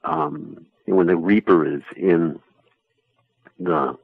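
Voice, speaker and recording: A man, an actor being interviewed, chatting in a relaxed, rambling, self-deprecating way. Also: low-pitched, extremely slow, vocal fry, dry recording, narrow, tinny audio. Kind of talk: casual interview chat.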